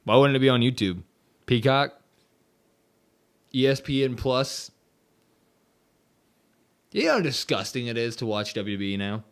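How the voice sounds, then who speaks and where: A man's voice: mid-range voice, animated, unhurried, pauses often. Chatty man hosting a wrestling live stream. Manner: chatty, reads viewer comments aloud, grumbles about tech. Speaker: livestream host. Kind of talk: casual live-stream chat.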